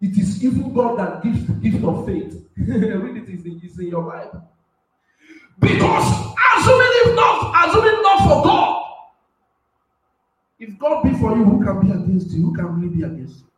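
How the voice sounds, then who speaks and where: High-voiced preacher man, echoey and distant. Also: expressive, fairly quick. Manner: swings between loud shouting and soft asides, laughs often. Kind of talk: sermon. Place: radio platform.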